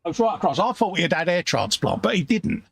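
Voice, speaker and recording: A man's voice: sits high, big pitch swings, quick pace, creaky, fairly bright tone, breathy edge. A British man hosting a casual livestream from his home hobby workshop, joking and reading out viewer comments. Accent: British English. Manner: jokey, chummy, reads viewer comments aloud. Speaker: livestream host. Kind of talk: casual chat.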